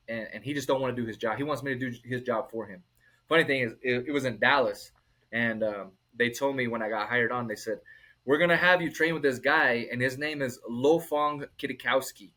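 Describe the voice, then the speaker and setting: A man's voice: mid-range voice, rough recording. A middle-aged man, a restaurant owner, telling stories in a casual interview and acting out the people he quotes. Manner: animated, acts out quoted people.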